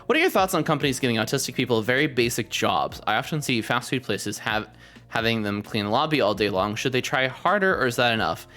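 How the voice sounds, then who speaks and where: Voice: mid-range voice, expressive, fast, fairly bright tone, soft background music. A podcast host chatting casually on a livestream, rambling with lots of fillers and the odd swear word.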